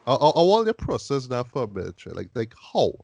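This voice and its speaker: A man's voice: mid-range voice, wildly swooping pitch, fast talker, gravelly, noisy background. A man hosting a casual film review chat, talking loosely and often tagging his sentences with "boy". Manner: loose and conversational, repeats "boy" as a tag. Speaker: podcast host.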